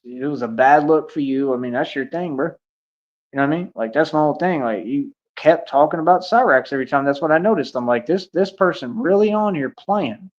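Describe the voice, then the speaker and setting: A man's voice: on the high side, brisk, dull audio. Indignant man ranting on a stream. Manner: indignant, repetitive, confrontational. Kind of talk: livestream rant.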